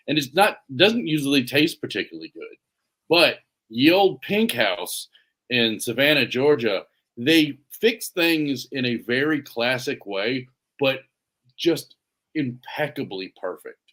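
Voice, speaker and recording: A man with a mid-range voice speaks at a measured pace as a podcast co-host. The conversation is casual, and his storytelling is relaxed and wandering.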